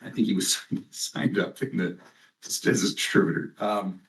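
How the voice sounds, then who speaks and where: A man's voice: low voice, flat delivery, measured pace, distant mic, rough recording. A man hosting a company conference call, telling rambling stories and joking as he introduces a guest. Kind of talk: casual conference call chat.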